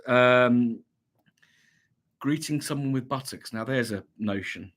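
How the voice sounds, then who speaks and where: A man from England chats through a home livestream, reading viewer comments aloud and answering them. His talk wanders, full of ums and restarted phrases, at an ordinary middle pitch. A slight cough still lingers in his voice from a recent illness. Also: steady tone, slow pace. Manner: chatty, rambling, many ums and restarts. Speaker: livestream host reading chat. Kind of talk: casual chat.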